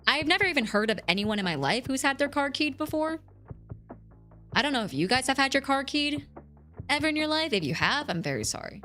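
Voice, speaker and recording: Chatty streamer girl, squeaky voice that swoops all over, goes off on giggly tangents. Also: sing-song, brisk, bright, forceful tone, soft background music. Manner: chatty, rambling, giggly, reads and answers chat. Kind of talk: casual live-stream chat.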